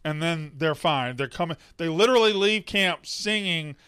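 A man co-hosting a casual movie review chat, rambling and acting out scenes with loud impressions. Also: on the high side, normal speed, clean tone, dry recording, clean studio sound. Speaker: podcast co-host.

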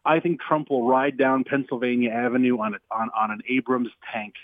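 A man's voice: mid-range voice, flat delivery, a little fast, dry recording. An enthusiastic man speaking as a radio guest, stressing his points hard. His voice comes through a thin, phone-like line with no room sound around it. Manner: enthusiastic, emphatic. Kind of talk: phone interview on talk radio. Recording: tinny dry phone line.

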